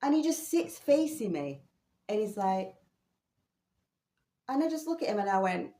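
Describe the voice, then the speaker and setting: A woman vlogging a personal story, animated and swearing casually. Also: medium pitch, moderate pace, long pauses, roomy sound.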